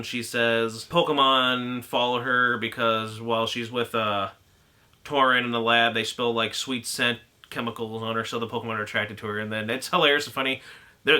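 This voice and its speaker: A man chats through a film review in a loose, rambling way. He laughs often and slips into quick impressions of the characters. His voice is strikingly bright and sits at an average pitch. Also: fairly even intonation. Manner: rambling, laughs often, acts out quoted lines. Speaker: anime reviewer. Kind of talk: casual spoken film review.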